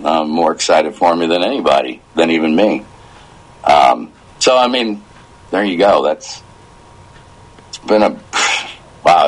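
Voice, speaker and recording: A very deep-voiced man in his fifties talks about his career as a voice actor in a relaxed interview. He tells his stories with feeling and acts out little quoted asides. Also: low-quality recording. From United States. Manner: emotional, animated storytelling with quoted asides. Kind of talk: casual interview talk.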